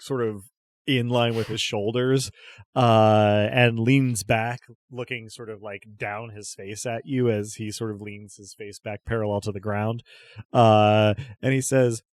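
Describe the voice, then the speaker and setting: A man's voice: on the low side, fairly even intonation, a little slow, dry recording, clean studio sound. A man narrating a tabletop game as game master, chatty and often restarting his descriptions.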